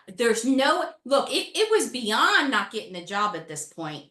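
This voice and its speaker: A middle-aged woman telling a personal story on a panel with animated, dramatic delivery. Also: on the high side, moderate pace, few pauses, roomy sound. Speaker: panel speaker. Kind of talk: storytelling talk.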